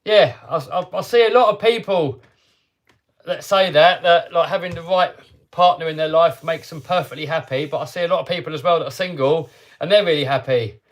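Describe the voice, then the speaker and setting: A man with a somewhat high speaking voice hosts a casual live stream. He talks to his viewers in an upbeat, chatty way, often restarting his sentences as he goes. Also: fairly quick. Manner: chatty and upbeat, with frequent self-interruptions. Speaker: host of a hobby channel livestream.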